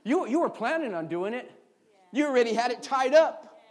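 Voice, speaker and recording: A man's voice: extremely high pitch, moderate pace. A middle-aged man preaching a sermon as pastor, calling for responses and often repeating words as he tells stories. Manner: call-and-response, repeats words, animated storytelling.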